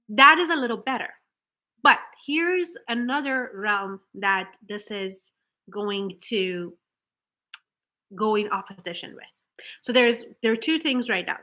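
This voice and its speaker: A woman delivers an earnest motivational talk straight to camera. Her voice sits a little high and rings bright. She works through her ideas with rhetorical questions and small restarts. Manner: acts out flat, hollow example affirmations. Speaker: manifestation coach.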